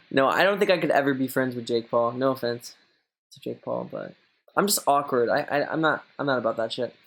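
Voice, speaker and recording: A man's voice: normal speed, gravelly, long pauses, fairly bright tone. A young man reading out viewer messages on a live stream and chatting back casually, rambling and swearing a lot. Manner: mocks a high gushing voice when quoting others.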